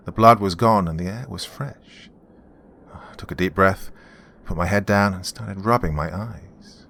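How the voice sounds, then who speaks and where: A man narrating a horror story in a measured, grim storytelling manner. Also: deep voice, gravelly, fairly bright tone.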